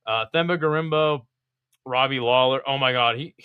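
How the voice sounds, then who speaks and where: A man's voice: medium pitch, moderate pace, smooth, dry recording, phone-quality sound. A young man giving a casual, blunt and profane breakdown of a fight card, sounding exasperated and mocking. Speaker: MMA fight card previewer.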